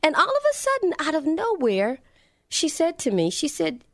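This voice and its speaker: A middle-aged woman preacher with a high voice that swoops up and down. She speaks fervently and warmly, in the manner of a heartfelt sermon. The recording is close and dry. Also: wildly swooping pitch, normal speed, no echo.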